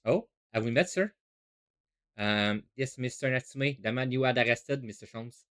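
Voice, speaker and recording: Casting: man as a genteel, rambling detective, unhurried and sure of himself, for a game read-through. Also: medium pitch, fairly bright tone, pitched below the performer's own voice, natural voice. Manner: courteous, rambling, self-assured. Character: polite, eccentric gentleman detective.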